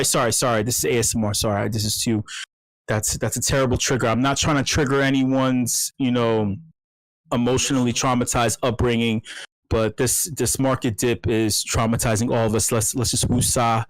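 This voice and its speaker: A man hosting a meetup, ranting comically in a mock ASMR voice. He is profane, stammers and repeats himself, and swings from hushed talk to yelling. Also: medium pitch, steady tone, normal speed, dry recording, rough recording. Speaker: meetup host.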